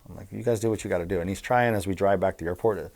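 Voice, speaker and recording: A man's voice: low-pitched, very fast. A middle-aged man from Southern California telling blunt, profane stories as an interview guest. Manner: blunt, profane, animated storyteller. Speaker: interview guest, former bookmaker. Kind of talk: casual storytelling.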